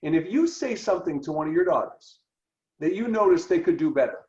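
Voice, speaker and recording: A man's voice: on the high side, brisk. A man co-hosting a podcast, his voice leaping up and down as he acts out bits of dialogue. The recording is roomy and dull, with a lo-fi edge. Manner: animated, acts out quoted dialogue. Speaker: podcast co-host. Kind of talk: conversational podcast discussion.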